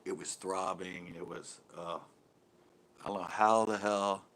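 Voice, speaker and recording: A man's voice: low-pitched, steady tone, measured pace, fairly bright tone. A middle-aged man hosting a live stream, chatting casually, laughing often and swearing lightly.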